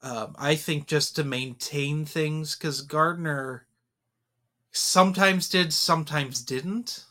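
A man talks through a movie in a casual podcast chat, opinionated and animated. His voice is bright and forceful and sits a bit high for a man. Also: slow. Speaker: podcast co-host. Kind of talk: casual film discussion.

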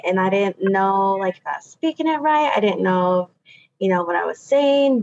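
A woman from the Pacific Northwest speaking as a guest language teacher, telling her story in a relaxed, casual way full of "you know" and "um". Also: mid-range voice. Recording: slightly dull lo-fi audio.

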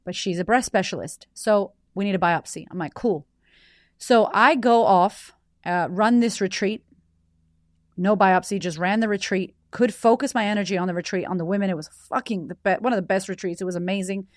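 A woman's voice: medium pitch, normal speed, no echo, clean studio sound. Blunt, foul-mouthed woman in her thirties. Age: 30s. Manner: blunt, profane, animated. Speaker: podcast host. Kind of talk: candid personal storytelling monologue.

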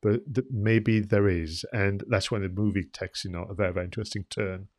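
Man, low voice, dry close recording, podcast co-host, measured, hesitant. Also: fairly even intonation, darkish tone, no room sound. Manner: measured, with many ums and uhs. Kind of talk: casual film review chat.

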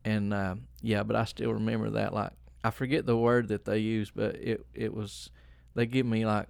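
A preacher co-hosting a casual chat, rambling with restarts and frequent laughter. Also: male voice, fairly low pitch, flat delivery, fairly quick, gravelly, hardly any pauses, a little mellow, smooth, dry recording, studio quality. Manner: rambling, laughs often, self-correcting restarts. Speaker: preacher and podcast co-host.

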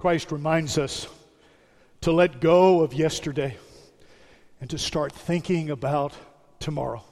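A male pastor giving a sermon, with measured, emphatic preaching and deliberate repetition that sinks to a soft hush. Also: a little high. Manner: dropping to a soft hush on repeated phrases. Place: church sanctuary. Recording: sermon with long hall reverb.

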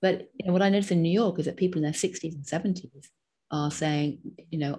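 Low husky woman in her fifties. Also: quick pace. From Britain. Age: 50s. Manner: animated, frequent ums, talks in short listed phrases. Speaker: guest. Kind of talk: conversational interview.

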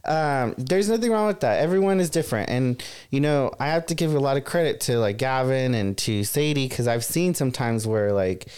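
A man in a casual podcast chat, speaking gently and supportively to a grieving friend. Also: mid-range voice, lively intonation, brisk, hardly any pauses, clear, resonant tone. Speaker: podcast host.

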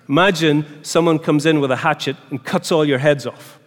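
A man giving a lively church seminar talk, often putting questions to the audience and restarting his phrases. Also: fairly high pitch, fast, few pauses. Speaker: seminar speaker. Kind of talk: teaching talk. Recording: long hall reverb.

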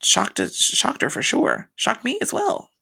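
A reality show recapper talks in a slightly high, creaky, breathy voice at a measured pace. She swears constantly and packs her casual chat with "like," laughing as she acts out quotes in an animated way.

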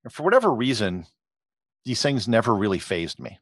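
A middle-aged man with a somewhat low voice talks through his ideas in a relaxed, explanatory way, often pausing on fillers. The sound is dry and close, with no room echo. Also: slightly rough. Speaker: podcast host and travel photographer. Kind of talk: conversational interview answers.

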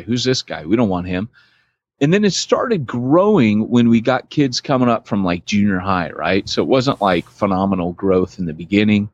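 Podcast co-host, man, low voice with big swings in pitch, rambling and animated storyteller. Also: no echo. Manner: animated, rambling, self-mocking, quick laughs. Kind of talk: casual storytelling podcast chat. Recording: dull, dry lo-fi sound.

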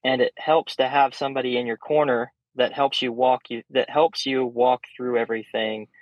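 A young man guesting on a podcast, telling stories in a casual, animated way and swearing freely. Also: mid-range voice, normal speed, no room sound. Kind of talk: casual storytelling chat. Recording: dull, slightly muffled sound.

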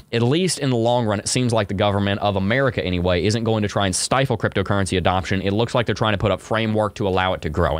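A man's voice: lowish voice, no room sound. A man co-hosting a casual crypto livestream, chatting and joking with his co-host. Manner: joking, quick to banter.

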